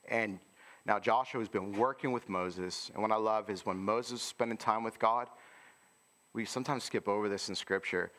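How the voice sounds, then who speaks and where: A man's voice: on the low side, fairly bright tone. A man preaching a sermon in an informal, conversational way, often asking listeners rhetorical questions.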